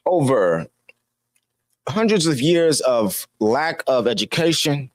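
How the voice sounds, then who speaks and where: A man's voice: mid-range voice, very animated, slow pace, no room sound, studio quality. A man giving an opinion monologue as a commentator, preachy and scolding, firing off rhetorical questions. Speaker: political commentator.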